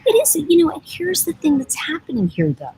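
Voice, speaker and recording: A woman's voice: high-pitched, wildly swooping pitch, brisk, mellow, slight background noise, low-quality recording. A woman from the United States hosting a casual livestream from an airport lounge, rambling and teasing as she reads out viewer comments. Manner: rambling, chatty, digressive, teasing. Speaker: livestream host and oracle deck author.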